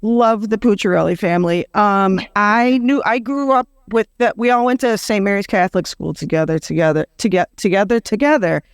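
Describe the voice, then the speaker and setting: A woman's voice: medium pitch, fairly quick, hardly any pauses, clear, resonant tone, no room sound, studio quality. A woman hosting a podcast, chatting casually with rambling asides and frequent laughs. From Western New York. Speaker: podcast host. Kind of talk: casual interview chat.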